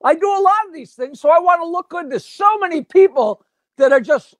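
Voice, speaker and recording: A man's voice: extremely high pitch, lively intonation, fairly quick, dry recording. A comedian telling bawdy jokes over a tablet video call in a brash, punchy manner, laughing at his punchlines. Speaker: comedian guest. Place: home setup with lights. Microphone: tablet on a stand.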